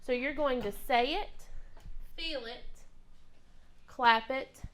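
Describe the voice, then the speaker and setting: Woman kindergarten teacher, kinda high voice, patient and encouraging, classroom. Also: slow, fairly bright tone. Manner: patient, encouraging, asks many prompting questions. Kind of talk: teaching a class of young children.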